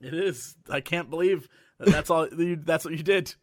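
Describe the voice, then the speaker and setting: A man co-hosting a podcast in casual chat, animated and lively, now and then breaking into mocking voices. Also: on the high side, normal speed, no echo, clean studio sound. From United States. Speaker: podcast co-host.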